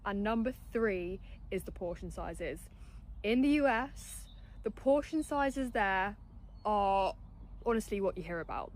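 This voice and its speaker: A chatty young-sounding woman speaks to camera in an upbeat, casual way. She counts off points one by one. A faint hiss runs under her voice. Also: fairly high pitch. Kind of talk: casual social video monologue.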